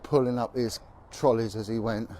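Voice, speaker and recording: Man, former cop, walking street monologue, dark mellow voice, blunt emphatic delivery, faint traffic behind. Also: medium pitch, steady tone, normal speed. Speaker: former police officer. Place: outdoors on a city street.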